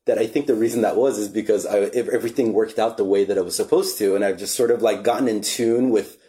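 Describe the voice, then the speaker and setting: A man hosting a podcast in casual chat, relaxed and loose, swearing freely. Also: on the low side, fast. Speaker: podcast host.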